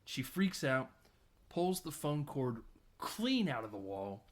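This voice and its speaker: A man's voice: mid-range voice, slow. Laid-back man recapping a film, laughing. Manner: lively storytelling, laughs often, swears casually. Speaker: podcast host. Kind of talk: casual movie recap chat.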